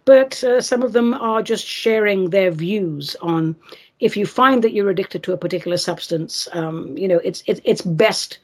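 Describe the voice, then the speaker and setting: A woman's voice: medium pitch, moderate pace, a little mellow. A woman hosting a commentary show, talking in a sarcastic, ranting, scornful way. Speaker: host.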